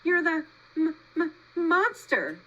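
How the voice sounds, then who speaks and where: A woman's voice: takes it slowly, lo-fi sound, full character voice. A woman voicing a chatty, dramatic female possum who loves to perform, in a storybook read-aloud. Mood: frightened. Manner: gushing, showy, high and lively.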